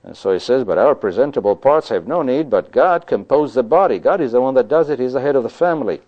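A man's voice: medium pitch, lively intonation, fast. Guy preaching a sermon, keeps going "you see", pushes his points hard, kinda muffled old recording. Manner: emphatic, repeats himself with many "you see" and "you know". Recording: dull lo-fi recording.

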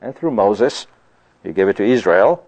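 A man's voice: on the low side, expressive, normal speed, a little mellow, dull audio. A man preaching a sermon. He reads scripture aloud, comments on it emphatically, and keeps checking in with his listeners by asking "you see?". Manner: emphatic, rhetorical, often asks "you see?".

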